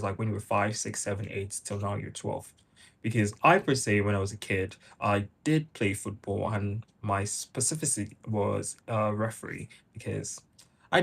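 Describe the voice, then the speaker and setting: A man's voice: fairly low pitch, gravelly, husky. A young man with a Nigerian accent, chatting casually with viewers on his channel. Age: young adult. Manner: chatty, answers viewers' comments. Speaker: YouTuber. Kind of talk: casual livestream chat.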